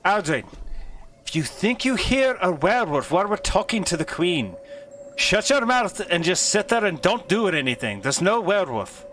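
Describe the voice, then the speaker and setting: A man running a tabletop game as game master, narrating with an animated, joking manner. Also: sits high, normal speed, faint music behind. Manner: animated, laughs and swears casually.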